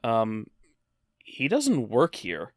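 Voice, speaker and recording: A man voicing a tired store manager who speaks quietly and hesitantly in a deadpan way. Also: mid-range voice, very slow, no room sound, clean studio sound, pitched below the performer's own voice, full character voice. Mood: weary. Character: weary male store manager, calm and flat.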